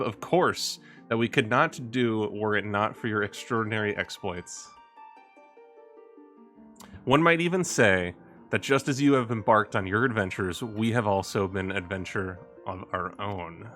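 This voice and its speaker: A man reading the lines of a gentle, courtly male minstrel from a game, in an ornate, storytelling way. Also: fairly low pitch, moderate pace, soft background music, close to an everyday voice. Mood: reflective. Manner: reads ornate in-game dialogue aloud.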